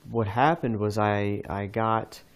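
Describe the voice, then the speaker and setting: A man's voice: lowish voice, fairly even intonation, slow. A man hosting a podcast, telling a rambling story in casual chat with many restarts. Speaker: podcast host.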